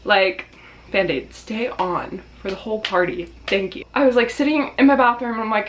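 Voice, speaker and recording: A woman's voice: mid-range voice, normal speed, slight background noise. A woman vlogger telling a storytime in a casual, dramatic way, swearing freely and laughing as she tells it. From Australia.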